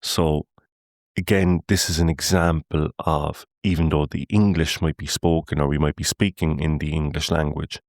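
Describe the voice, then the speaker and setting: A man's voice: a bass voice, fairly even intonation, normal speed, no echo, clean studio sound. A man with a Cork Irish accent, hosting a podcast as an earnest, explanatory monologue. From Ireland. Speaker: podcast host.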